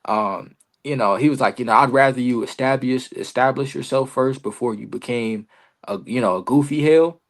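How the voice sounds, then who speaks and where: With a mid-range voice at a moderate pace, this young man, a wrestler guesting on a podcast, tells his story like an animated storyteller, using heavy slang and acting out what people said.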